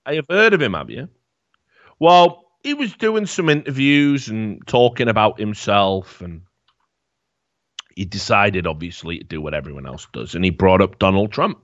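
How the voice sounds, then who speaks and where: A man's voice: lowish voice, animated, normal speed, fairly bright tone, dry recording, highs cut off. A man hosting a podcast in casual chat, sarcastic, swearing and laughing as he talks. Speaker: podcast host.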